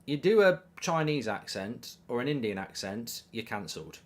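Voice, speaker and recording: A man with a mid-pitched voice hosts a live football watchalong stream, talking at a normal speed. Excitable and animated, he bounces between reacting to the match and answering the chat, often stammering and restarting mid-sentence.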